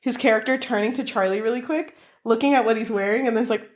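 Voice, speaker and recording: Animated young woman chatting about books. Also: quick pace. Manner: animated, swears, acts out quotes with big pitch jumps. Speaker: podcast co-host. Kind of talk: casual book chat.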